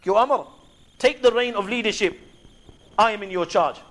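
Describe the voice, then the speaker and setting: A man's voice: sits high, moderate pace, fairly bright tone. A man voicing a humble, trustworthy early Muslim commander as he retells a story. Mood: earnest.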